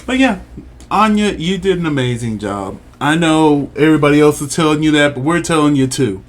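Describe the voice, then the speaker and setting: A man with a fairly high voice co-hosting a laid-back review chat. He speaks softly and easily, offering his takes in a calm tone. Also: brisk. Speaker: podcast co-host.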